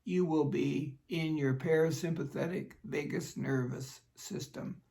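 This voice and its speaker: A man working as a fitness instructor, calmly demonstrating an exercise routine with a touch of dry humor. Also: fairly high pitch, measured pace, vocal fry.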